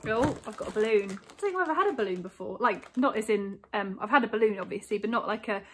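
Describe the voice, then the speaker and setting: A woman's voice: medium pitch, expressive, fast, slight background noise. A woman in her forties, chatting casually to camera at home in a rambling, filler-filled way. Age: 40s. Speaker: vlogger. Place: home, living room.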